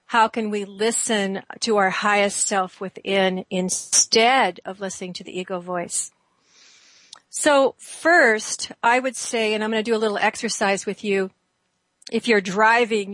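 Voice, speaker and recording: A woman with a mid-range voice leads a gentle guided exercise, drawing out her phrases in a soothing way. The sound is dry and close, with no room echo. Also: mid-range voice. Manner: slow, soothing guidance with drawn-out phrases. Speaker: host. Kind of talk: guided exercise on a talk show.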